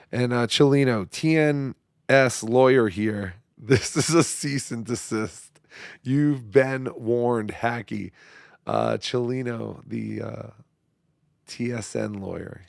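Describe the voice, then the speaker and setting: Hoarse gravelly man, profane and mumbling. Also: medium pitch, no echo, clean studio sound. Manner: profane, mumbling, self-deprecating. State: hoarse, losing his voice. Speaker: show host. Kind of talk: casual livestream chat, reading viewer messages.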